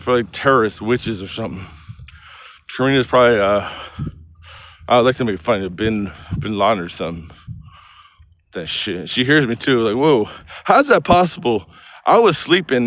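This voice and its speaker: A man's voice: a little high, fairly bright tone. A man on a street, rambling in a profane, stream-of-consciousness monologue that jumps from topic to topic. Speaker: vlogger. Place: outdoors on a street.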